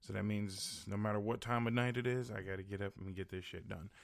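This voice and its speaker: A man's voice: lowish voice, normal speed, vocal fry, no echo. A tired man from the American Midwest hosting a podcast, ranting in a profane, exasperated way and laughing often. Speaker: podcast host. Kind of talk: casual solo rant.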